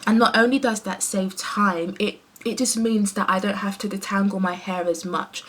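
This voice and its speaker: A woman's voice: mid-range voice, fairly even intonation, normal speed, a bit bright. Chatty woman rambling through a hair vlog. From United Kingdom. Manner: chatty, many fillers and self-corrections. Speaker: hair vlogger. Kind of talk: casual rambling chat.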